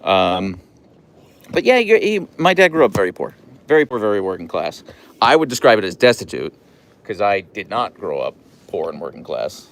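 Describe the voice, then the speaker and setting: Animated low-voiced man rambling on a stream. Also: normal speed. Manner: animated, rambling with many asides and restarts. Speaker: livestream host. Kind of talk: casual live-stream chat, reading viewer messages.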